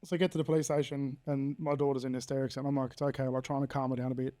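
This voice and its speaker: A man's voice: mid-range voice, level tone, racing, mellow. An Australian man in his thirties, a podcast guest telling his story bluntly, swearing freely and acting out quoted dialogue. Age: 30s. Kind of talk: candid personal storytelling.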